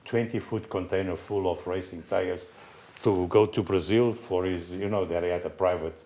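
Older Portuguese man, low voice, telling stories. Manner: animated, halting, with restarts and quoted voices. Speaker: guest storyteller, former racing team manager. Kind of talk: casual anecdote telling.

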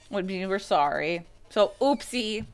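A woman hosting a let's-play, chatting casually and joking through the game. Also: mid-range voice. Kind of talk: casual gameplay commentary. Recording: faint game music behind.

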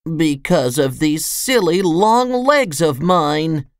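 Narrator as a gloomy tall storybook man, sighing, slow, drawn-out, lilting. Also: mid-range voice, lively intonation, clear, resonant tone, no room sound, clean studio sound. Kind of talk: storybook reading.

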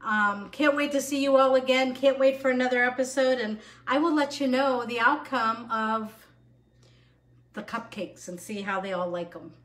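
A woman's voice: a little high, fairly even intonation, normal speed, fairly bright tone. Bubbly chatty woman in an echoey kitchen. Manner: bubbly, chatty, laughs at herself. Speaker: home cooking show host. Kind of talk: live cooking stream, casual chat. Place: home kitchen.

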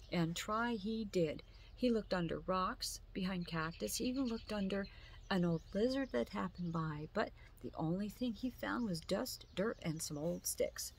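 A woman reading a children's story aloud slowly and gently. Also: medium pitch, gravelly, slight background noise.

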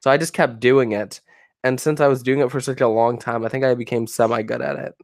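A young man with an American accent rambles through stories on a livestream call and keeps laughing at his own tales. His voice sits at an ordinary middle pitch. It is a dry, close recording with no room sound. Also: steady tone, a little fast, creaky, no echo. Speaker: livestream guest. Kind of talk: casual chat over a voice call.

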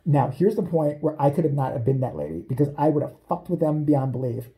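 A man's voice: on the high side, fast, hardly any pauses, dark tone. A man in a casual comedic rant who swears a lot, laughs often, and keeps jumping into voices. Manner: profane, laughing, jumps into voices. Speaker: vlogger.

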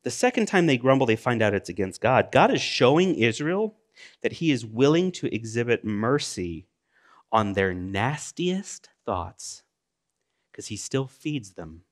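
Animated preaching man with lively pitch. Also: measured pace. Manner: animated preaching, swinging from loud high exclamations to low quiet asides; reads scripture aloud, then explains it in plain conversational asides. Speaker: pastor. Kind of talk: sermon.

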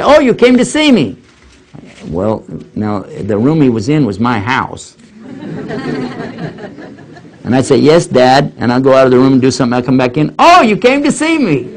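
Here an older man with a mid-range voice is heard on a rough recording. He is giving a casual lecture and answering questions, telling folksy stories and animatedly quoting others.

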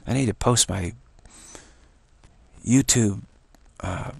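A man guides listeners through a repetitive spoken practice, answering each short phrase with the same word. His low voice is heavily gravelly and husky throughout, and his delivery is unhurried and musing. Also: no echo. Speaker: meditation teacher.

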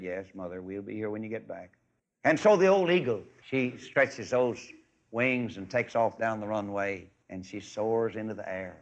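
A man preaching a folksy radio sermon, animated and swinging between loud and soft. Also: on the low side. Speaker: evangelist. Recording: dull lo-fi archive radio recording.

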